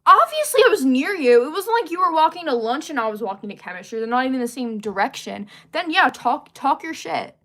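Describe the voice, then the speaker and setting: A young woman tells a long story on a casual livestream. Her voice sits a little high, and her delivery is animated and chatty. She keeps breaking off to greet her viewers. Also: brisk, few pauses. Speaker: livestream host.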